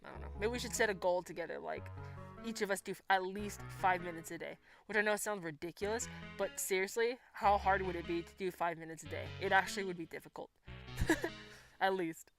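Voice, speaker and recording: A woman's voice: medium pitch, fairly quick. A woman hosting a casual livestream, reading out viewer comments and chatting back, swearing and laughing freely. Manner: chatty, swearing, laughs often, lively reactions. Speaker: livestream host. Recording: music playing behind her voice.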